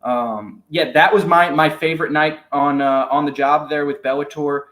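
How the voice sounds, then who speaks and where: A man hosting a casual podcast, talking in a measured, reflective way with some fillers. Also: a little high, fairly even intonation, a bit bright. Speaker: podcast host, MMA reporter.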